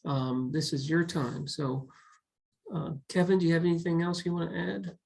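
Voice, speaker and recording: Halting, reflective man leading a webinar. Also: fairly high pitch, little pitch movement, vocal fry, darkish tone, rough recording. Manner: reflective, speaks in halting restarts. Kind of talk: casual webinar talk.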